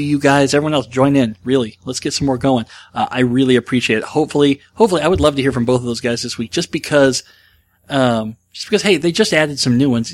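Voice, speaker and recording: Rambling, chatty male podcast host. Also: medium pitch. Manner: rambling and chatty, with many fillers and asides. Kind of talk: casual podcast monologue.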